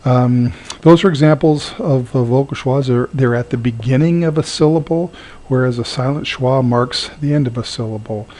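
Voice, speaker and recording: A man teaching a recorded lesson, halting with frequent fillers and repeating words slowly to model their sound. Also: medium pitch, darkish tone. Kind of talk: recorded lecture.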